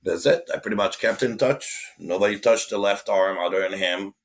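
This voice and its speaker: A man, a guest telling stories casually, animated and swearing as he acts out what people said. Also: fairly low pitch, moderate pace. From Israel. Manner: animated, swearing, acting out quotes. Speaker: guest, tattoo artist. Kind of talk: casual storytelling.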